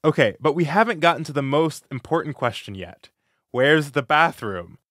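A man hosting a scripted language lesson, modeling phrases slowly and clearly with encouraging feedback. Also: on the high side, animated, fairly bright tone, no room sound, clean studio sound. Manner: slow, clear, encouraging pronunciation drills.

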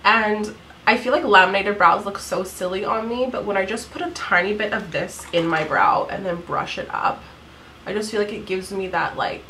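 A woman in her thirties talks through her makeup routine in a casual, chatty way, laughing often and saying "like" constantly. Her voice sits at a middle pitch. A faint hiss runs under the home recording. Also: pushed and bright, rough recording. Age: 30s. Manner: chatty, giggly, lots of "like" fillers. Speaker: beauty vlogger. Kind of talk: casual makeup tutorial chat.

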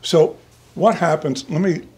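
Older priest giving a chatty sermon. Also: male voice, a little high, fairly even intonation, measured pace, creaky, a little mellow. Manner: chatty, digressive, addresses listeners by name, chuckles. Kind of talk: conversational sermon. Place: church.

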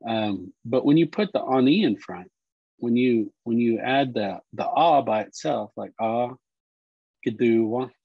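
A man teaching Cherokee words and culture, explaining slowly and repeating each word. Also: mid-range voice, expressive, creaky, husky, no echo, lo-fi sound. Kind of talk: explanatory lesson talk.

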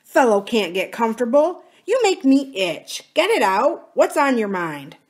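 A woman's voice: on the high side, very animated, unhurried, pitched above the performer's own voice. A woman reading the lines of a blunt, short-tempered male farmer, close to her own voice. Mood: gruff.

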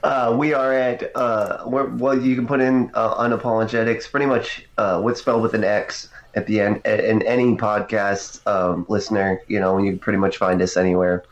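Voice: medium pitch, flat delivery, normal speed, hardly any pauses, highs cut off. A podcast guest arguing insistently in a satirical panel.

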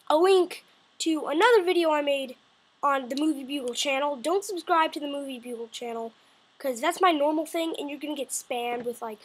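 This is a woman with a notably high voice giving a casual spoiler review straight to her viewers. She talks in an excitable, rambling way, stumbling through restarts and quick self-corrections as her thoughts run ahead of her. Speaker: video reviewer.

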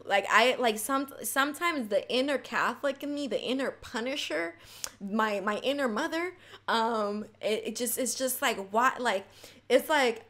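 A young woman vlogging in a candid, rambling way, full of "like" fillers and quick self-mocking laughs. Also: mid-range voice, a bit bright. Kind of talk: casual confessional talk to camera.

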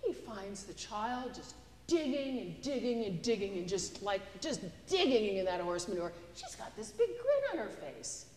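Her medium-pitched voice has a sing-song lilt and a somewhat mellow quality at normal speed. Preaching in a reverberant church, the woman pastor keeps things chatty, telling a story and cracking a joke.

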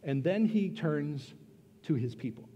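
A man preaching a sermon as pastor, earnest and emphatic, pausing and then rising into bursts of stress. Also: on the high side, expressive, mellow, slightly rough. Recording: long reverb of a church hall.

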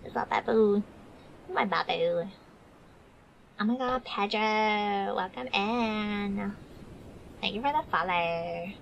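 A woman's voice: medium pitch, slow pace, creaky, pauses often, muffled recording, a little hiss or hum. A woman streamer in a playful role-play chat, putting on valley girl talk and cooing over her dog.

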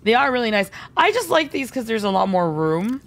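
A woman's voice: a little high, very animated, a little fast. A woman streaming a game live, chatty and giggly, thinking aloud and answering viewer chat. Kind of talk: live gameplay commentary.

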